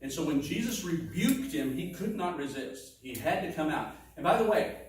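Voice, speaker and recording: A pastor with a fairly high, very animated voice preaches at a moderate pace in a church sanctuary, teaching conversationally with asides and restarts. The room is echoey, the mic distant, with faint noise.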